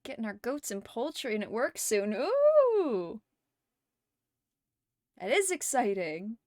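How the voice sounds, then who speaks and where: A woman's voice: on the high side, huge pitch swings, slow pace, a little mellow, no room sound, studio quality. A woman hosting a livestream, chatting casually and reading viewer messages aloud, laughing often between lines. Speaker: livestream host.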